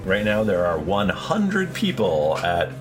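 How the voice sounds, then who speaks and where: Lively-voiced man hosting a podcast. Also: deep voice, over music. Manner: halting, filler-heavy. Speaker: dungeon master and host. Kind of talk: casual podcast banter.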